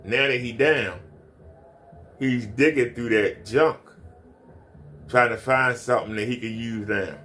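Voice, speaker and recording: A man's voice: medium pitch, a little slow, pauses often, sharp tone, a little hiss or hum. Man ranting in a mocking, repetitive way. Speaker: commentary streamer. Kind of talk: ranting commentary.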